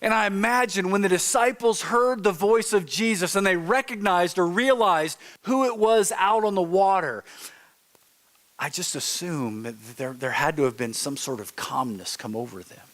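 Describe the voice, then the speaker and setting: A man's voice: sits high, normal speed, fairly bright tone. A male pastor preaching a conversational sermon in a church, telling a story informally and acting out the quotes. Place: church sanctuary.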